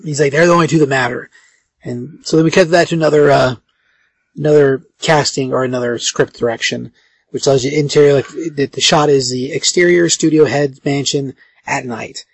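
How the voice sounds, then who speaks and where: A man's voice: medium pitch, fairly even intonation, normal speed, vocal fry, husky, no echo. A man co-hosting a podcast, recapping a comic in a rambling, casual way with lots of fillers. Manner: rambling, filler-heavy storytelling. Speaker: podcast co-host.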